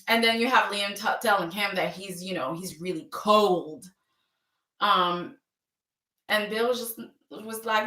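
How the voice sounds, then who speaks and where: A woman with a medium-pitched, unhurried voice casually recaps a soap opera, animatedly acting out the characters' lines and laughing often. She sounds far from the mic in an echoey room.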